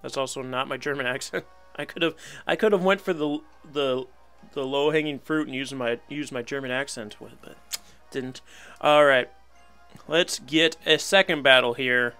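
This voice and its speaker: Young guy narrating his game match, bright sharp voice, laid back and a bit resigned, faint music behind. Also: medium pitch, normal speed, smooth. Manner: casual, wry and resigned, laughs at himself. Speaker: gaming channel host. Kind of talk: live gameplay commentary.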